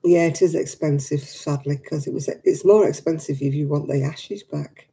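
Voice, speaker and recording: A woman talks to her live audience over a webcam mic, stopping to greet viewers by name and answer their comments. Her voice is very dark and gravelly, with plenty of fry, and she keeps a casual, heartfelt tone. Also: low-pitched, normal speed, rough recording. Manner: emotional about her late dog. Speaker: craft livestream host.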